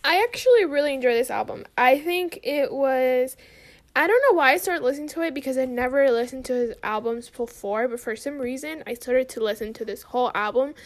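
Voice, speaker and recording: A woman's voice: sits high, fairly quick. A young woman co-hosting a casual chat, rambling and emphatic, swearing freely. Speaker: co-host.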